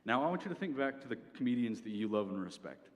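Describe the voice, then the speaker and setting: A young man performs stand-up at a university venue, delivering dryly like a lecture with frequent "okay?" asides. His mid-range voice is sing-song and fast. The recording has long hall reverb and faint ambience.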